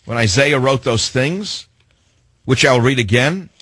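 A man's voice: mid-range voice, animated, a little slow, fairly bright tone, husky, no room sound. A man hosting a political talk radio show, combative and sarcastic, firing off rhetorical questions.

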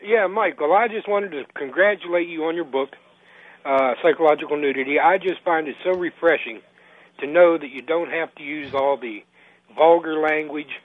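A man's voice: on the high side, moderate pace. Hesitant caller man in his fifties on a tinny phone line. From West Virginia. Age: 50s. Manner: hesitant, stammering. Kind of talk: call-in chat.

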